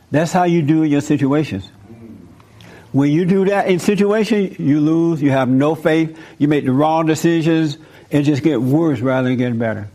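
A man giving an informal sermon to a group, talking casually and acting out scenes with lively voices. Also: fairly high pitch, normal speed. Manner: casual, acts out biblical figures in lively voices. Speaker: preacher teaching a group.

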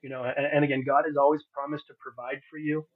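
A man sharing his personal testimony on a podcast talks fast in a slightly high voice with a flat delivery, though his words are earnest and heartfelt. He uses lots of fillers and restarts, and the audio has a narrow, phone-like quality.

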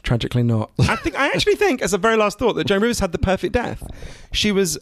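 A man, an author and interview guest, talking in an animated, profane, self-interrupting way. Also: high-pitched, fast talker, dry recording. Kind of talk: casual conversation.

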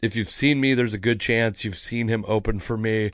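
A man's voice: on the low side, steady tone, normal speed, fairly bright tone, no room sound, studio quality. Profane man telling a comedy story. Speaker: podcast host, comedian. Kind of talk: casual storytelling.

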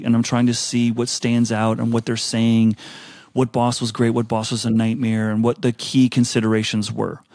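Man, podcast guest, casual interview chat, animated storytelling, restarts, dry sound. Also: mid-range voice, no room sound.

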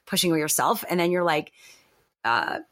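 Chatty reflective woman, low voice. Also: brisk, dry recording. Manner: reflective, animated, many fillers and restarts. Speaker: podcast guest. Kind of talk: casual podcast conversation.

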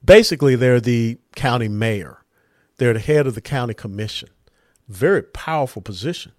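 This political podcast host, who lives in Texas, speaks in an expressive, slightly mellow mid-range voice at a moderate pace. He gives an emphatic monologue full of rhetorical questions, recorded dry with clean studio sound.

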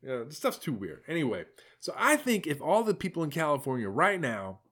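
A man's voice: on the high side, wildly swooping pitch, brisk, fairly bright tone. A male podcast host giving a casual, rambling solo monologue in a sardonic tone, with many asides. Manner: sardonic, meandering, full of fillers and asides.

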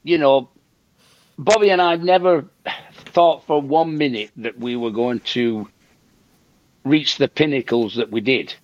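A man's voice: mid-range voice, a little slow, pauses often, dry recording, dull audio. An older man, telling a story as a guest in a casual chat and repeating himself for emphasis. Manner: animated anecdote teller, repeats himself for emphasis, acts out quotes. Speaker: guest comedian.

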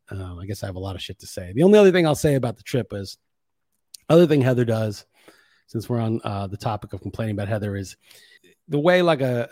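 A man's voice: lowish voice, mellow, no echo, studio quality. A man in his forties hosting a podcast, rambling and venting with lots of swearing in a casual monologue. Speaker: podcast host.

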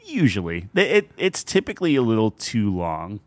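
A man's voice: fairly low pitch, huge pitch swings, moderate pace, no echo. A man in his thirties co-hosting a casual chat, rambling and cutting himself off, often laughing. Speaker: podcast co-host.

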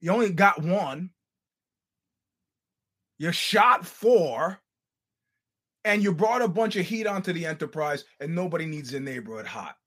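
An older man hosting a podcast, telling stories in a casual, animated, profane way with laughing asides. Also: a little high, measured pace, long pauses. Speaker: podcast host. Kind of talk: casual storytelling monologue.

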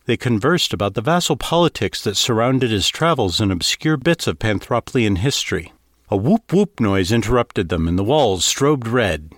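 A man narrating a novel with a lively, expressive lilt. He reads steadily into a close mic in a dry, dead room. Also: fairly low pitch, normal speed, no echo. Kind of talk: audiobook narration.

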